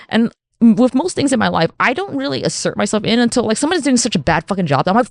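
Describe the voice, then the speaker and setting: Profane, rambling woman podcaster with gravelly voice. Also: a little high, fast, no echo, clean studio sound. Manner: rambling, profane, animated, acts out quoted voices. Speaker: podcast host. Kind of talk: casual solo podcast monologue.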